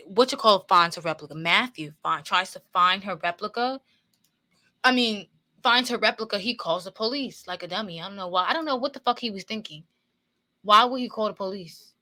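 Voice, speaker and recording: Brief: woman movie reactor, bright voice, loose and profane, repeats points. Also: mid-range voice. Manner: profane, repetitive, opinionated retelling. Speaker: movie commentator. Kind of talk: casual movie reaction commentary.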